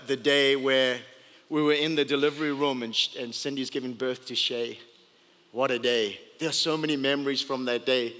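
A male pastor giving a sermon as animated, playful storytelling. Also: medium pitch, normal speed. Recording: long hall reverb.

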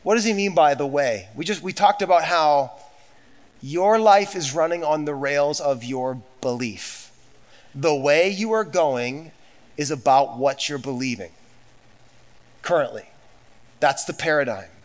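A man's voice: a little high, unhurried. A man preaching a sermon as pastor, emphatic and repetitive, with conversational asides to the congregation.

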